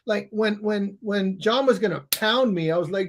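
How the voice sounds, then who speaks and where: A middle-aged man with a high, light voice tells a personal story as a podcast guest. He talks in a loose, conversational way and acts out the people in his story with sudden loud exclamations. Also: normal speed, slight background noise. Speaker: guest, coach and author.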